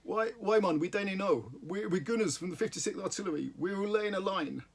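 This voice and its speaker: A man voicing a gruff army sergeant with a Geordie accent who barks orders. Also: high voice, fairly quick, voice pushed up, heavily acted. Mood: flustered. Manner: barking orders, stifling laughter.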